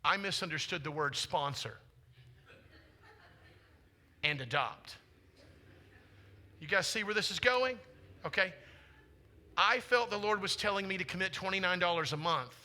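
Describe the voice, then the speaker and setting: Male pastor, forties, high and very bright voice, chatty storytelling sermon with questions to the congregation. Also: measured pace, long pauses. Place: church sanctuary.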